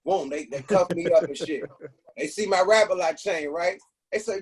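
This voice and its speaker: Husky, high-voiced man telling profane stories. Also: normal speed. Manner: profane, emphatic, animated. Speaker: interview guest telling stories. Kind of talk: casual storytelling chat.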